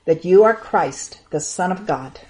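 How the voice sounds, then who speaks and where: A woman's voice: fairly low pitch, expressive, a little slow, a little mellow, rough recording. A woman reading as sorrowful, practical Martha. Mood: earnest.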